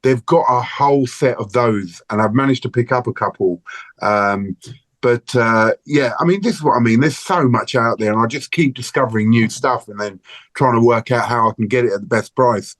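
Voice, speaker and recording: Guy chatting with mates, cheerful and teasy, mid pitch, dry sound no room. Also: normal speed, fairly bright tone, no room sound. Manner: laughs often, teasing and upbeat. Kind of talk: casual chat among friends.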